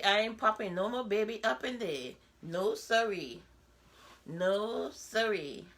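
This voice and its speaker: A woman, speaking a candid personal vlog monologue. She talks bluntly and chats freely, keeps throwing in rhetorical asides, and her voice sits at an ordinary middle pitch. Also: fairly bright tone. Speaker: vlogger.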